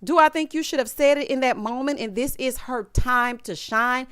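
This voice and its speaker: A woman's voice: sits high, moderate pace, a bit bright, clear, resonant tone, dry recording, clean studio sound. A woman giving a sassy, opinionated recap of a reality show and talking straight to her viewers. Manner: sassy, talks to viewers directly, acts out cast members' lines.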